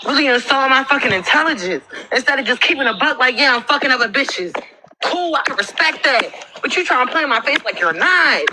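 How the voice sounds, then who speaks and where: Irritated high-voiced woman. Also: noisy background. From Baltimore. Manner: irritated, profane, repeats her grievance. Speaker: livestreamer in a couple argument. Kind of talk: heated argument.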